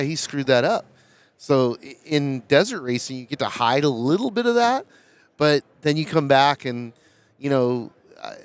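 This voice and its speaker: A man's voice: mid-range voice, smooth. A man hosting a casual podcast interview at a trade show, telling reflective stories and tagging his points with 'right?'. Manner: reflective storyteller, tags with 'right?'. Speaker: podcast host.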